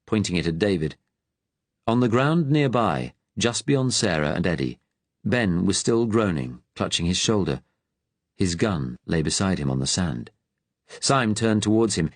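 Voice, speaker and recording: A man with a fairly low voice narrates a wartime thriller audiobook at a steady, measured pace. The reading is close-miked and dry. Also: no room sound.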